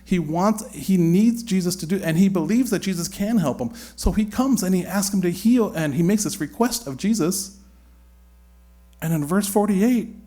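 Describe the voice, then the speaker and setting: Guy teaching a bible study, chatty and thinking out loud, lots of restarts. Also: high-pitched. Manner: conversational and searching, with hedges and restarts.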